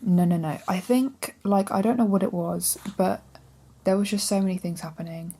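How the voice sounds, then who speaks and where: A woman's voice: fairly low pitch, fairly even intonation, moderate pace, mellow, husky. A woman chatting casually and candidly in a reading vlog, talking straight to her camera. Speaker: book vlogger.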